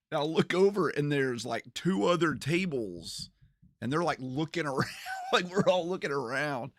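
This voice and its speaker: A man's voice: fairly high pitch, animated, moderate pace, pauses often, a bit bright, dry recording, studio quality. A man streaming a game, chatting casually and telling funny stories he often laughs through. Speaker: gaming streamer. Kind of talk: casual storytelling while playing a game.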